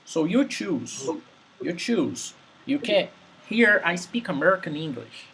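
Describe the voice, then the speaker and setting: Male English teacher, husky, patient, repeats examples. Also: high-pitched, sing-song, measured pace, a bit bright, rough recording. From Brazil. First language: Portuguese. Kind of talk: conversational English lesson.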